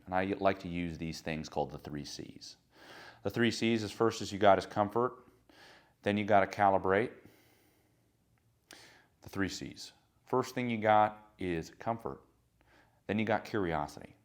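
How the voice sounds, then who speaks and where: A young man coaching confidence in an emphatic motivational talk, building his lists up to loud crescendos. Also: low voice.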